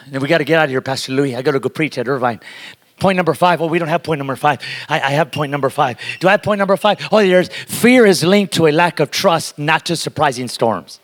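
High-voiced man preaching in an echoing hall. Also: fast. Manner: emphatic, talks straight to the congregation. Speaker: guest preacher. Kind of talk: sermon. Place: church sanctuary. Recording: long reverb of a large hall.

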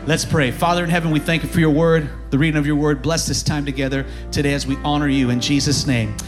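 Male pastor, high voice, energetic sermon, calls to the congregation, quiet music underneath. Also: fast. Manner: energetic preaching, bursts of shouting, call-and-response. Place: church sanctuary.

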